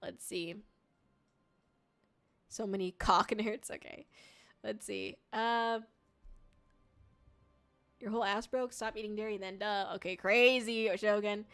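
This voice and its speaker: A woman's voice: medium pitch, steady tone, slow, pauses often, fairly bright tone, smooth, faint music behind. A young woman streamer chatting casually with her viewers, bubbly and giggly, with lots of filler words. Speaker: VTuber streamer. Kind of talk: casual livestream chat with viewers.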